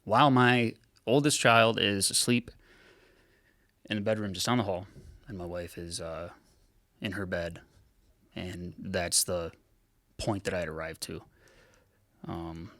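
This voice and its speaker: Low-voiced man telling a raw story. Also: fairly even intonation, fairly bright tone, dry recording. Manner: frank, heavy swearing, halting with many fillers. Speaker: podcast guest. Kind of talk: candid personal storytelling. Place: podcast studio.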